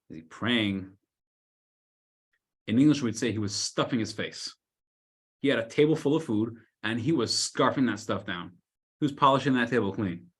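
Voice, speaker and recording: A man, a rabbi, telling a story in a weekly Torah class, loudly acting out the scolding characters. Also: on the low side, slightly rough. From United States. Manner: animated storyteller, shouts the lines of scolding characters.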